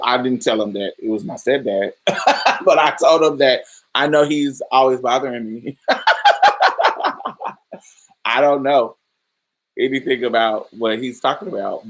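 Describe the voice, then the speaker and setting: A man from Indiana hosting a podcast, telling personal stories in a chatty way, laughing often and calling the listener "baby". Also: mid-range voice. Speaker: podcast host. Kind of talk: casual podcast storytelling.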